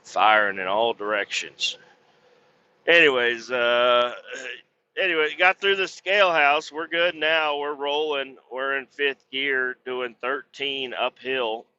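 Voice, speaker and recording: A man's voice: medium pitch, takes it slowly, bright, forceful tone, highs cut off, slight background noise. A man driving a truck, telling rambling, profane stories in a casual vlog from inside the cab. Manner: profane, rambling storyteller with mimicked voices. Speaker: truck driver vlogger.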